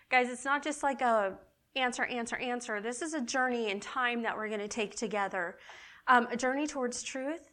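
A middle-aged woman giving an animated, emotional sermon to a group, repeating key words for emphasis. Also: sits high. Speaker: women's ministry speaker.

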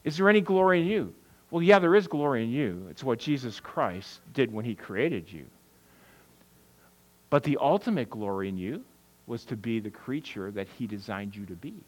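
A middle-aged pastor with a mid-range, slightly mellow voice preaches in a sing-song way at normal speed. He keeps it conversational, asking questions and then answering them himself, though the audio is poor.

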